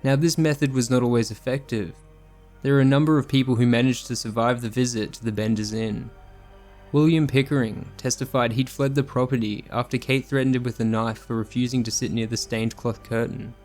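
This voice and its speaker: A man reading a scripted true crime narration in a measured, sombre manner. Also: mid-range voice, fairly even intonation, darkish tone, soft background music.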